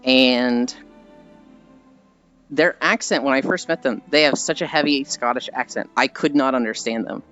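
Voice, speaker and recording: A forceful, bright tone in a mid-range voice at normal speed marks this American man chatting on a live stream. He rambles, reads chat aloud, and laughs at his own stories, while faint background music plays under the dull lo-fi recording.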